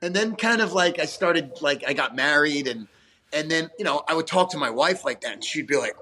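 A man's voice: on the high side, animated, fairly quick, bright, forceful tone. A man, an actor guest talking casually in an interview, rambling with restarts and frequent swearing. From New York, USA.

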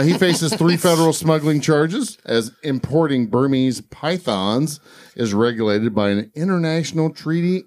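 A man co-hosting a podcast, reading a news story aloud with profane, wisecracking asides. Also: on the high side. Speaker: podcast co-host.

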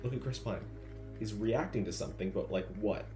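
A man's voice: fairly low pitch, brisk, echoey room, faint music behind. A young man co-hosting a casual podcast, gossiping animatedly and acting out what others said. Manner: animated gossiping, acts out quotes. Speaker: podcast co-host. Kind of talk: casual chat.

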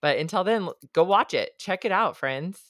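Low-voiced enthusiastic woman podcast host. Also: expressive, moderate pace, fairly bright tone, no echo, studio quality. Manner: enthusiastic, chatty, addresses listeners directly. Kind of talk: casual podcast chat and ad read.

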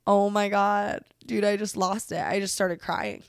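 A woman's voice: medium pitch, steady tone, measured pace, gravelly, no room sound, studio quality. A young woman hosting a podcast, venting candidly and casually with frequent swearing and lots of "like". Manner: candid, profane, heavy use of "like". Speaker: podcast host.

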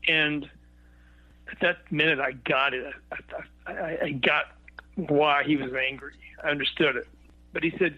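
A man's voice: on the high side, steady tone, measured pace, husky, highs cut off. An older man, a former record promotion executive, telling a rambling anecdote in an interview, quoting others and restarting often. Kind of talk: casual storytelling interview.

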